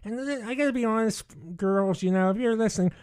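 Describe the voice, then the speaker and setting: A man telling a rowdy story in casual podcast chat, animated and often laughing through his own words. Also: high voice, fast, clean tone.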